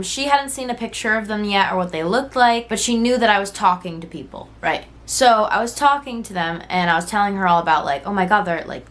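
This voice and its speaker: Her voice sits at medium pitch with a touch of brightness as this twenty-something woman tells the camera about something personal. The delivery is candid and earnest, wandering loosely and heavy on "like" and "right?" tags.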